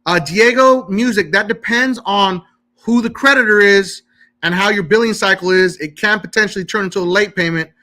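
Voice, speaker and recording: A man's voice: high-pitched, moderate pace, pushed and bright. A man hosting a live-stream Q&A on credit repair, talking emphatically and often checking in with "okay?".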